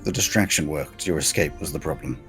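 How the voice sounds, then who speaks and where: A man speaking as a player in a tabletop game, with dry, deadpan remarks. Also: extremely low pitch, a little fast, faint music behind. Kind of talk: casual tabletop play.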